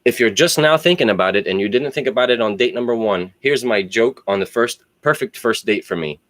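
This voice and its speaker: A man's voice: medium pitch, a little fast, fairly bright tone, no room sound. A man, rambling and philosophizing in a profane solo monologue. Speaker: solo video host.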